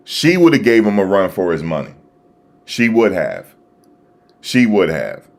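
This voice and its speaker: A man hosting a live stream, talking casually and excitedly to his viewers, repeating himself as he reacts. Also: low voice, measured pace, vocal fry. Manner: animated, repetitive, talking to chat viewers. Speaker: livestream host. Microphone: desktop USB microphone.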